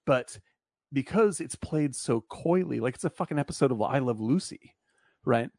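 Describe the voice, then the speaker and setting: A man's voice: medium pitch, lively intonation, normal speed, a little mellow, no echo. A man hosting a casual film discussion, blunt and profane, rambling with lots of fillers.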